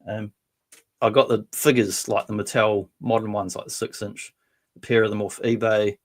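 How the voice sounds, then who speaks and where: A man's voice: lowish voice, little pitch movement, normal speed. A man hosting a casual live stream about his toy collection, rambling along and answering viewer comments.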